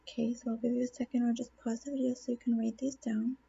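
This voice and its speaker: A woman's voice: a little high, level tone, quick pace, gravelly, warm tone, muffled recording, a little hiss or hum. A woman teaching a Spanish grammar lesson on video, patiently asking questions and answering them herself. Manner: patient, asks and answers her own questions.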